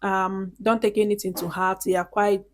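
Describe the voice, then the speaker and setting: A woman's voice: mid-range voice, level tone, moderate pace, a little hiss or hum. A woman from Nigeria gives casual vlog advice in a chatty, earnest way, often checking in with her viewers. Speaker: vlogger.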